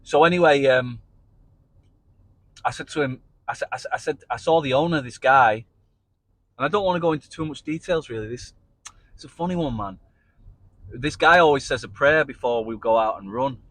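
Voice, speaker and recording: A man's voice: medium pitch, normal speed, pauses often, a bit bright, dry recording, rough recording. A man casually telling his own story to camera in a loose, chatty way, with frequent restarts and the odd swear word.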